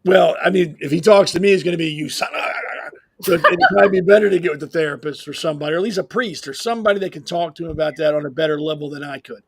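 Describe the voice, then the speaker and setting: A man's voice: a little high, very fast, hardly any pauses, breathy edge. A man co-hosting a political panel, speaking bluntly and emphatically. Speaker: co-host. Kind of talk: casual political panel talk.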